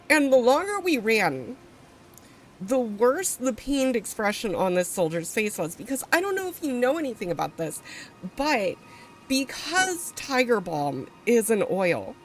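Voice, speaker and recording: A woman's voice: a little high, a bit bright. A woman streamer tells a story to her live chat in a loose, rambling way. She swears freely and trips through fillers and restarts as she goes.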